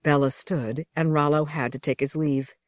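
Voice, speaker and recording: Low-voiced woman narrating an audiobook. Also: steady tone, moderate pace, no echo, clean studio sound.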